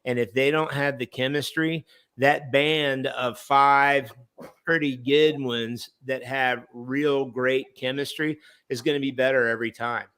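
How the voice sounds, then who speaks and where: A man co-hosting a comedy podcast, talking in a loose, rambling way and circling back to his point. His voice is smooth and resonant. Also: medium pitch, steady tone, a little slow, fairly bright tone, no echo. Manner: rambling, repeats and restarts, says "man". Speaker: podcast co-host. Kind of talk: casual comedy podcast chat.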